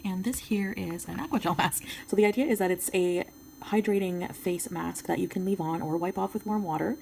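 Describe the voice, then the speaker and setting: A woman's voice: on the low side, a little fast, gravelly, darkish tone, slight background noise, rough recording. A French Canadian woman chatting through a casual beauty product review at home, hesitant and full of ums. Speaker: beauty vlogger.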